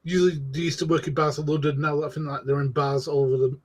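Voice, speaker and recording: A man in casual podcast banter, speaking haltingly and repeating words. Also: fairly high pitch, steady tone, slight background noise. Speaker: podcast co-host.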